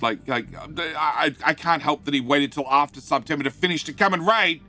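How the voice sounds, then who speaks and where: A man narrates his live gaming stream fairly quickly in a forceful, high, bright voice. He shouts hellos and trades jokes with his audience, stammering and repeating words, while music plays faintly behind him.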